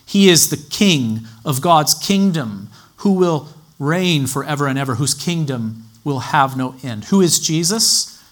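A man teaching a sermon in a measured, explanatory way, citing scripture references as he goes. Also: a little high, lively intonation, a bit bright. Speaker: Bible teacher.

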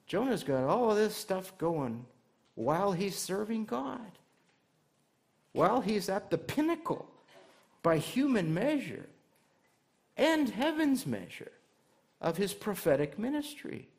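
A man's voice: sits high, big pitch swings, measured pace, creaky, darkish tone. A male pastor delivering a conversational sermon to his church, asking the congregation rhetorical questions and adding light humor.

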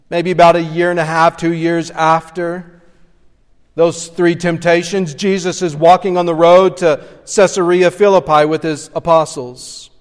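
A man preaching a sermon as pastor, earnestly retelling scripture scenes in expository style. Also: fairly high pitch. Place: church sanctuary. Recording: long church reverb.

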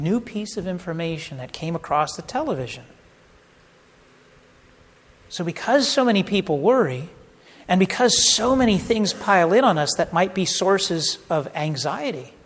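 Middle-aged male pastor, high voice, casual sermon delivery with jokey asides, long hall reverb. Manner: conversational preaching with asides and humor.

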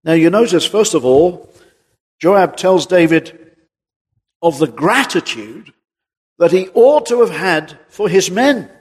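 Male preacher, sermon, slightly high, husky, earnest emphasis, slow scripture reading. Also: animated, a little mellow. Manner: earnest, rising emphasis on key words; reads scripture slowly in a raised voice. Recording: long hall reverb.

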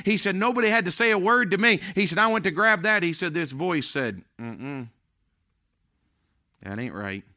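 A man with a fairly high, bright, forceful voice preaches a sermon. He is emphatic, swinging between loud declarations and hushed, intimate asides. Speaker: pastor.

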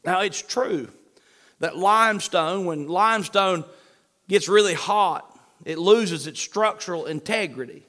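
Man, preacher, sermon, emphatic, animated, high-pitched. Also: a little slow.

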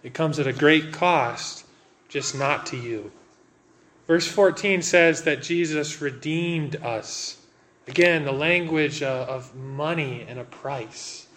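A man's voice: a little high, a bit bright. Brief: male pastor, thirties, conversational sermon delivery, light background hiss. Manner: earnest, conversational preaching with dramatic pauses.

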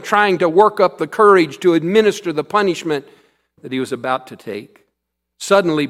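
A male pastor delivering a sermon, telling a story in an earnest way. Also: mid-range voice.

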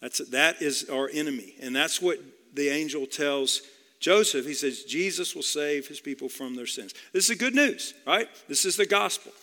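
A male pastor preaching with earnest conviction, repeating his key phrases and turning to address listeners directly. His voice is bright and sharp, sitting a little high for a man. It rings out with the long reverb of a large hall. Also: moderate pace. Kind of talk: sermon.

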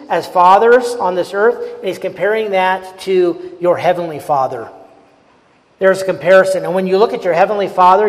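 A man in his forties preaching a sermon, asking rhetorical questions, repeating phrases and swinging from loud to soft. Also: sits high. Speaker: pastor. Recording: long hall reverb.

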